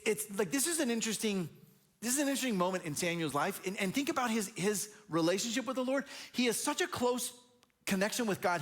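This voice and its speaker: A man preaching a sermon as a pastor, energetic and animated, often stumbling and repeating words as he builds a point. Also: high-pitched.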